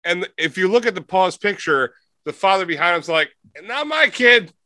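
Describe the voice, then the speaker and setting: A man's voice: high voice, fairly quick, sharp tone, no echo. A man co-hosting a podcast, spinning a rambling comic story in casual chat. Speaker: podcast co-host.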